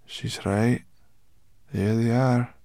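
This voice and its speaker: A man reading an audiobook, voicing a small, knowing female brownie in hushed whispers. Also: medium pitch, fairly even intonation, extremely slow, dry recording, studio quality, pitched above the performer's own voice.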